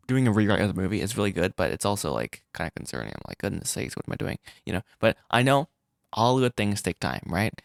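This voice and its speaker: A man vlogging about making his animated film, rambling and self-deprecating, with frequent restarts and little laughs. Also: on the low side, vocal fry, no echo, clean studio sound. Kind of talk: casual solo vlog.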